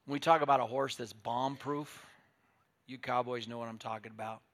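An older man preaching a sermon as pastor, telling stories, moving from quiet asides to loud emphatic points. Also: medium pitch, fairly even intonation, normal speed.

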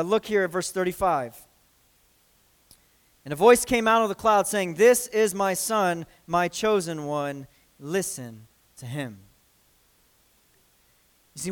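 A man delivering an earnest sermon from the pulpit in a notably high voice. His tone is smooth and clear, and he often restarts his phrases as he works through the scripture. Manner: earnest preaching with frequent restarts and acted quotes. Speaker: pastor.

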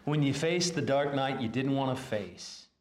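A pastor delivering a sermon in an earnest, halting way, often restarting phrases. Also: male voice, medium pitch, echoey room.

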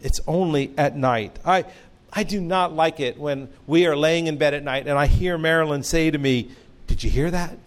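A man's voice: on the high side, moderate pace, few pauses. A man preaching a sermon, earnest and storytelling, with humorous asides. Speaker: pastor.

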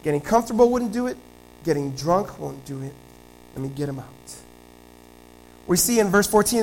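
High-voiced guy preaching, animated storytelling, loud then quiet. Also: normal speed, pauses often, a little hiss or hum, low-quality recording. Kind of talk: sermon.

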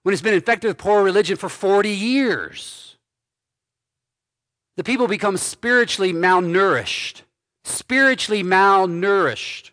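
Male pastor, sermon delivery, deliberate slow pace, dry close sound. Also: sits high, fairly bright tone, dry recording. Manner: slow, emphatic preaching with repeated phrases.

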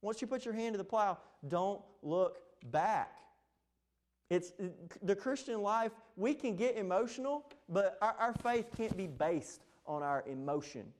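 A man's voice: sits high, animated, unhurried. A man, preaching a sermon in an impassioned, emphatic way. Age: 20s. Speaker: pastor.

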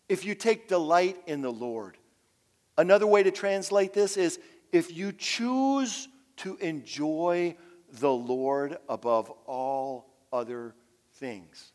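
A pastor's sermon in a man's fairly high voice, recorded in a church sanctuary with a long, lingering reverb. He talks in a conversational way, slowing right down to stretch out the words he wants to stress. His sentences often fade away quietly at the end. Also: expressive. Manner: conversational preaching, drawn-out emphasis on key words, trailing off at phrase ends.

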